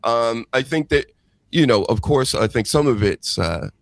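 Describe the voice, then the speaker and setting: A man co-hosting a podcast, chatting casually in an animated, rambling way and laughing easily. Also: mid-range voice, unhurried, creaky, dry recording. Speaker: podcast co-host. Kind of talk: casual chat.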